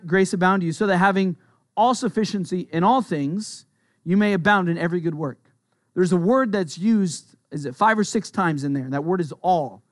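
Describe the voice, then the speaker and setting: High-voiced man preaching conversationally. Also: no room sound, studio quality. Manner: conversational, earnest preaching with quick asides. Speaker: pastor. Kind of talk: sermon.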